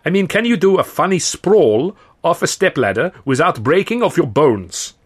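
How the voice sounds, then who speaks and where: A man's voice: fairly high pitch, sing-song, moderate pace, breathy edge, voice pushed up. A blunt film director with an indeterminate European accent, voiced by a man for an audiobook. He fires off curt, sizing-up questions in a raised voice. The tone carries a slight husk.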